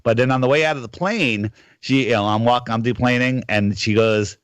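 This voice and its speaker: A man's voice: fairly low pitch, fairly quick, no echo. A middle-aged man on a casual call-in radio show, telling a rambling story and acting out the lines of the people in it.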